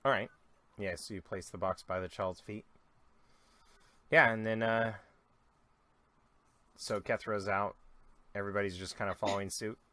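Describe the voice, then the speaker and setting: Bright-voiced young man running a game. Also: lowish voice, moderate pace, long pauses, no echo. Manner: relaxed, loose storytelling with many fillers. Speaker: dungeon master. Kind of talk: narrating a tabletop game.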